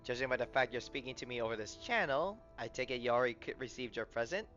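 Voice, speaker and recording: A man reading out a composed, courteous woman who runs a café in a game. she speaks politely and calmly. the sound is a little muffled, with soft game music underneath. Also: medium pitch, quick pace, lightly acted. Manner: polite and composed, reading text aloud with small stumbles. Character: poised, courteous female café manager.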